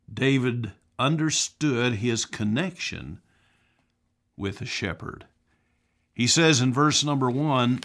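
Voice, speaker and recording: A man preaching a sermon, speaking in a measured way and repeating key phrases for emphasis. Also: medium pitch, a bit bright.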